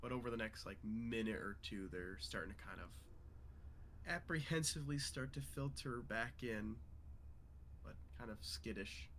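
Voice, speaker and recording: A man with a fairly low voice narrates a tabletop game as its dungeon master. He talks loosely and easily, with plenty of fillers. Faint background noise sits under him. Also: moderate pace. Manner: relaxed, loose, many fillers.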